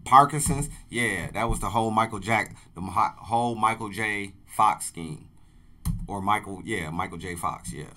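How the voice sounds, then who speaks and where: A man hosting a casual music reaction, excitable, repeating lines back and calling out "bro". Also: lowish voice, moderate pace, slight background noise. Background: faint music.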